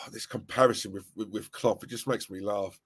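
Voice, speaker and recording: A young man hosting a live stream, chatting casually, reading viewer comments and reacting with animated, rambling restarts. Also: husky. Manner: animated, rambling, restarts and laughs, pitch jumping when worked up. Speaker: fan channel live-stream host.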